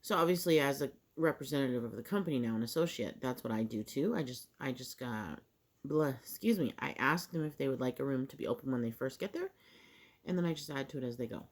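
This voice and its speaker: Middle-aged lady rambling over breakfast, low voice, lots of ums and restarts, eating as she talks. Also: expressive, fast. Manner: rambling storyteller with many fillers and restarts. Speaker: vlogger. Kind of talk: casual chat over breakfast.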